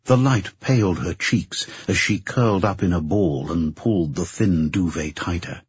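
A man reading a novel aloud as a narrator, in a slow, measured way. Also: low-pitched. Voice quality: husky. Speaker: audiobook narrator. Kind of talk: scripted narration. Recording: dull lo-fi recording.

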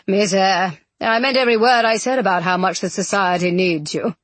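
A smug, silky older nobleman who threatens with easy condescension, as a woman narrator puts him on. The voice is slightly breathy and recorded dry, with no room around it. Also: mid-range voice, fairly even intonation, moderate pace, no echo, natural voice. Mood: scheming. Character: scheming aristocratic male villain, older, smug.

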